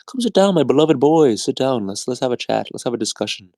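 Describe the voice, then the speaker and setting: A man's voice: medium pitch, animated, quick pace, mellow, dry recording, voice pushed up. A man voicing a stern old nun who runs an orphanage, doting on her boys and then scolding them. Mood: pleading.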